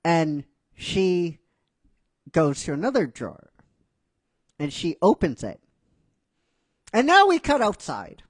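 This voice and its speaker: A man's voice: fairly high pitch, sing-song, takes it slowly, pauses often. A man casually retelling a fan-written script scene by scene, rambling and hesitant with many fillers. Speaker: narrator.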